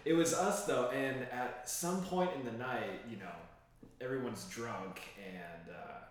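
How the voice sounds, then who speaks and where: A man's voice: medium pitch, a little slow. A young man co-hosting a podcast, telling crude, profane stories in casual chat and laughing often. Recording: very echoey room with crowd noise.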